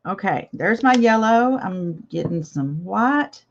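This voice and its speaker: A woman's voice: mid-range voice, lively intonation, takes it slowly, highs cut off, a little hiss or hum. An older woman hosting a casual live craft chat, chatty and reading viewer comments aloud with frequent laughs. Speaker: craft channel host.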